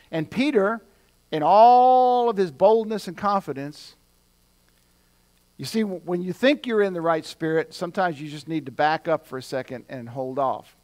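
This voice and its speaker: Male pastor, sermon, conversational turning emphatic, fairly high voice. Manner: conversational, building to loud emphatic preaching.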